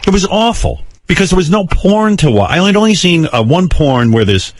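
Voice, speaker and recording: An older man tells stories on a talk radio show in a blunt, profane, wry way, his pitch rising and falling a lot as he goes. The studio sound is close and dry, with no room around the voice. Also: big pitch swings, brisk, no room sound. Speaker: radio host. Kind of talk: candid storytelling on talk radio.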